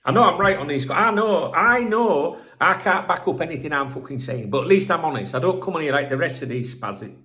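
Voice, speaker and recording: A man's voice: a little high, lively intonation, fairly quick, few pauses, bright, forceful tone. Sweary, exasperated middle-aged man. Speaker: football channel host. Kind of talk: ranting channel sign-off.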